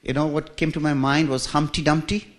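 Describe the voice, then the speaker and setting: A man's voice: on the high side, flat delivery, a little fast. A man from India, telling his life story in a church with humour and self-mockery. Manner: humorous, self-mocking, chuckling. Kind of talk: storytelling talk.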